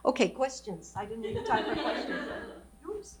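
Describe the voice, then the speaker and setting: A woman's voice: on the high side, big pitch swings, normal speed, very noisy. Woman, 70s, from Texas. Earnest, encouraging storyteller at a fireside chat. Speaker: alumna guest speaker.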